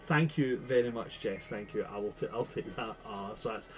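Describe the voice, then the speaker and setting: A man's voice: fairly low pitch, normal speed, faint music behind, low-quality recording. A man running a tabletop game, chatting casually after the session, swearing freely and laughing often. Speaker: game master. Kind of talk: casual post-session chat.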